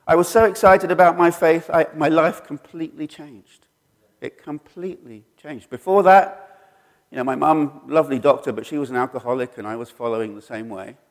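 A man's voice: a little high, normal speed. A middle-aged man telling his personal faith story in an earnest, storytelling way, acting out the people he quotes. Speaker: speaker sharing his testimony. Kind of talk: personal testimony. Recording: long hall reverb.

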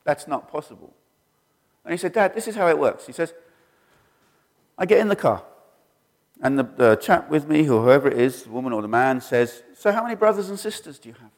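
A middle-aged male preacher tells sermon stories in a fairly high, lively voice that swings all over. He mimics the people he quotes with sudden jumps in pitch. His voice rings through a church hall with a long reverb tail. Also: fairly quick. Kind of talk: sermon storytelling.

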